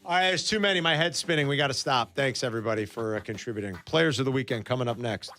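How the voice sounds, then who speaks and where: A man's voice: mid-range voice, fast talker, faint music behind. A man hosting a radio sports talk show, chatting casually with callers and trading movie quotes. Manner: animated, quoting movie lines. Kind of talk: casual call-in banter.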